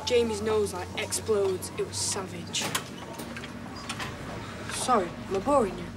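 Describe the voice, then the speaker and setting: An actress playing a chatty, excitable teenage girl in a TV soap drama. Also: medium pitch, measured pace, natural voice. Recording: loud background noise.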